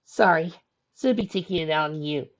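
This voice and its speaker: A man voicing a bedridden teenage girl, pitched up high and snapping with sarcasm, in a fan fiction reading. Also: moderate pace, a bit bright, no room sound. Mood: sarcastic. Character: sick, sarcastic teenage girl stuck in bed. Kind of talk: fan fiction read aloud. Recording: dull lo-fi home recording.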